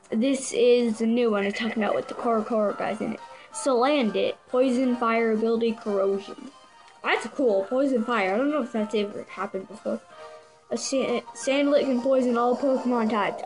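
An excitable woman chats her way through a reaction video in a fairly high voice, tripping over names and laughing at her own slips. Clear music plays steadily behind her. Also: low-quality recording. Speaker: video creator. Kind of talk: casual reaction commentary.

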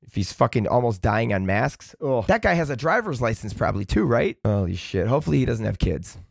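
Gravelly, sarcastic man. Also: mid-range voice, fairly quick, no room sound, clean studio sound. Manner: sardonic, profane, deadpan asides. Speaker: YouTube host reading Reddit posts. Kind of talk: sarcastic comedic commentary.

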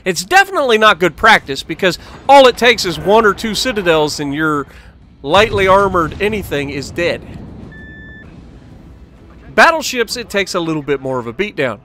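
A man's voice: high-pitched, moderate pace, a little hiss or hum. A man giving casual, joking commentary over his own gameplay and talking to the viewers. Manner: animated, joking, talks to the game and viewers. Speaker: gaming channel host.

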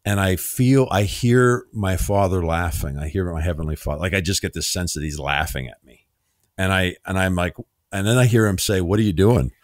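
Low-voiced man, animated storyteller. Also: no room sound, studio quality. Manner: animated storyteller, acts out quoted dialogue, laughs easily. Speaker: podcast host. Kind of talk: conversational interview storytelling.

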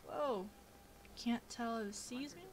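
A woman's voice: a little high, unhurried, a little hiss or hum. A young woman giving casual, chatty commentary over a video game playthrough, easily distracted and full of fillers, on a home computer microphone. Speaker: gameplay commentator.

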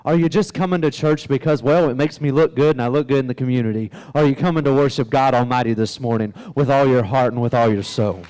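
A young man, a visiting gospel singer, exhorting a church congregation in a rapid, urgent way, repeating himself as he presses his point. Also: mid-range voice, a little mellow. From West Virginia, USA. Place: church service before a congregation.

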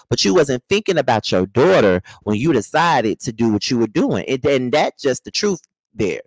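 A man's voice: medium pitch, dry recording. A man recapping a reality TV episode in a blunt, sassy, slang-heavy manner. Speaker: reality TV reviewer. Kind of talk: casual recap commentary.

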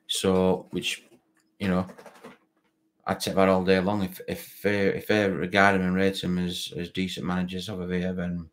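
Viewers' comments get read aloud by a low-voiced man with a broad Barnsley Yorkshire accent who hosts a football fan live stream. His talk is casual and rambling, with plenty of repeated words and fillers.

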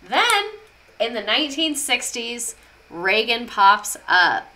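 A woman's voice: on the high side, lively intonation, normal speed, sharp tone. A woman giving a casual history lesson in an irreverent, passionate way, swearing freely. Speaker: history vlogger.

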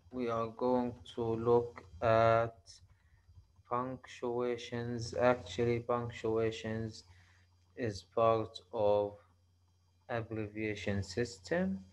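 A male university lecturer with an Arabic accent, explaining slowly in a halting way, often restarting and repeating himself. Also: medium pitch, clean tone, rough recording. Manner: slow, halting explanation with frequent restarts and repetitions. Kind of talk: recorded online lecture.

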